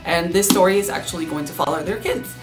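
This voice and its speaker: A woman's voice: fairly low pitch, fast talker, faint music behind. A young woman with a Cuban accent, hosting a casual book review vlog and chatting eagerly to her viewers. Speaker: book reviewer, channel host.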